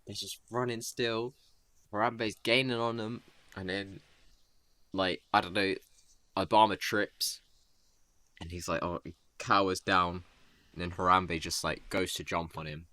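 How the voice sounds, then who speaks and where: A man with a very low voice that still comes through bright and forceful spins a loose, rambling story. He talks in a casual, laid-back way, full of "like" and "you know." The sound is dry and close. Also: fairly even intonation, unhurried, pauses often, dry recording. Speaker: storyteller improvising a tale.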